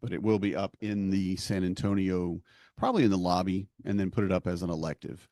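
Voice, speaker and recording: A man co-hosting a podcast who runs tabletop games, talking in a relaxed, rambling and self-deprecating way. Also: sits low, brisk, dry recording, clean studio sound. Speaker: podcast co-host and game master. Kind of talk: casual podcast chat.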